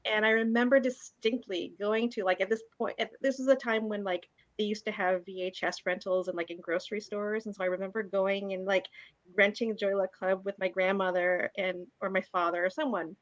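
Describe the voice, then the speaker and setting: A woman's voice: medium pitch, steady tone, a little fast, no echo. Woman from upstate New York, casual panel talk, dry and slightly muffled call audio. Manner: casual, rambling with fillers. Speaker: author on a panel.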